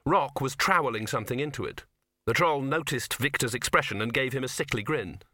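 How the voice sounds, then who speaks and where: A man's voice: mid-range voice, fairly quick, pushed and bright, no room sound. A man narrating a comic novel as an audiobook reader, read close to the mic. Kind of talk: scripted narration.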